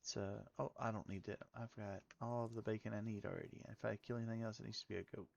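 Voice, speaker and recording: Tennessee-accented man, low voice. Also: flat delivery, fast, vocal fry, darkish tone, no echo, dull audio. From Middle Tennessee, US. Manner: muttering to himself, chatting to viewers. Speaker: streamer. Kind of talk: casual live game commentary.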